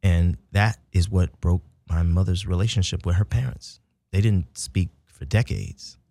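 An American man from the south side of Chicago, a military veteran, telling stories in an animated way as an interview guest. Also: sits low, a little slow, no room sound. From United States (south side of Chicago). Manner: animated storyteller who swings from hushed to loud and laughing, says "y'all" and "baby". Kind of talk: casual storytelling conversation.

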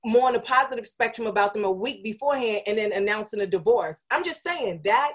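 A woman's voice: mid-range voice, lively intonation, fast talker. A woman who works in radio, a guest on a podcast, talking things through in a reflective, casual way with lots of "you know". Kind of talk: casual chat.

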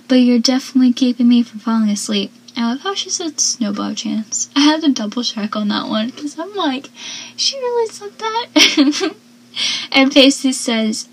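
A young woman with a breathy voice, casually recapping a TV episode and chatting about it between quotes. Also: on the high side, rough recording. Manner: chatty, filler-heavy, reads out quotes. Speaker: recap commentator.

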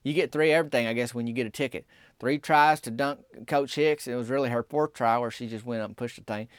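A man's voice: quick pace, clean tone, no room sound, studio quality. Folksy man spinning a story. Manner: rambling Southern small-town drawl, voices quoted folks by raising pitch. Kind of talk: folksy comic storytelling monologue.

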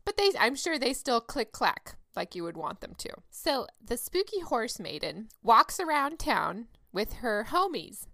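A woman co-hosts a chatty podcast, her voice swinging up and down with plenty of laughter. There's a gravelly edge to her tone. The sound is dry and close. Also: on the high side, measured pace, hardly any pauses, dry recording. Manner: giggly, laughs often, animated storytelling. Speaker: podcast co-host. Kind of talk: casual chat.

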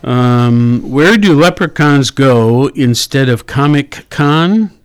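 A man co-hosting a radio show, reading puns in a slow, dry, halting way. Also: mid-range voice, animated, smooth, no echo. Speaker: radio co-host. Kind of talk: casual radio chat.

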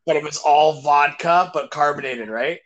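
A man's voice: fairly high pitch, moderate pace, a bit bright, highs cut off. A man in casual chat, swearing constantly and acting out comedy clips he has seen.

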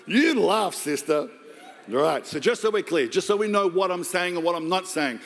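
An Australian man preaching a sermon as pastor, jokey and animated, acting out the voices of the story. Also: sits high, brisk. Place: large church hall. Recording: long hall reverb.

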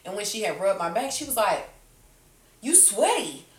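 A woman's voice: mid-range voice, lively intonation, fast, distant mic. A woman hosting a podcast, chatting casually with friends and telling a story animatedly, swearing freely and acting out the people she quotes. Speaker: podcast host. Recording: roomy, a bit off-mic.

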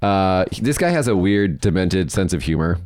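A man's voice: deep voice, expressive, normal speed, darkish tone, no echo. A man in his thirties who co-hosts a podcast, telling a long story with plenty of swearing and laughter. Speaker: podcast co-host. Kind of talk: casual storytelling chat.

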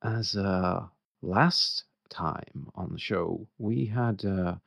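A man's voice: deep voice, drawn-out words, creaky, fairly bright tone, no room sound. A man, hosting a podcast as dungeon master and recapping the last session with frequent hesitations. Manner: hesitant, lots of uh fillers. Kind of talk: recapping a tabletop game session. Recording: dull, slightly lo-fi podcast audio.

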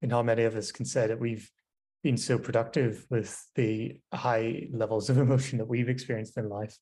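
Husky man musing in discussion. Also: mid-range voice, steady tone, normal speed, mellow. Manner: reflective, many fillers. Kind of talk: casual group discussion.

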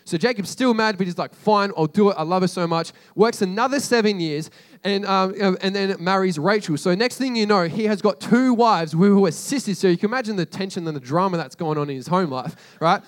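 A man's voice: high voice, brisk. A man casually retelling a story to a group as a sermon, chatty and slangy, with frequent asides to his listeners.

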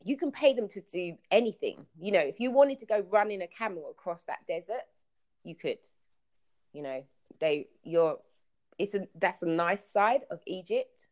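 Brief: woman, storytelling guest on a call-in podcast, animated, plays out dialogue. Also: on the low side, moderate pace. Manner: animated storyteller, acts out quotes. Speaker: guest telling travel stories. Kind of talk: casual podcast chat.

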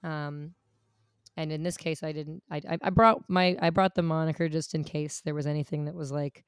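A woman guitarist chatting casually on a podcast, relaxed and rambling with many fillers, her voice tired from long sessions. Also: sits low, normal speed, smooth, no echo, clean studio sound. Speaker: guest guitarist. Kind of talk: casual chat.

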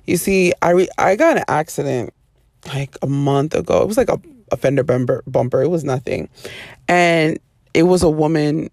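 Woman, podcast host, gravelly voice, dry close sound, animated storytelling, acts out quotes. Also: low-pitched, moderate pace, no room sound. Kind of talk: casual storytelling monologue.

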